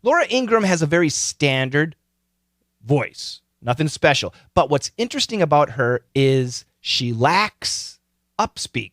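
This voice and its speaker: A man hosting a podcast, giving casual advice in an animated, explanatory way. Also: unhurried, no echo, clean studio sound. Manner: animated, explanatory, pitch leaping on key words. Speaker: podcast host.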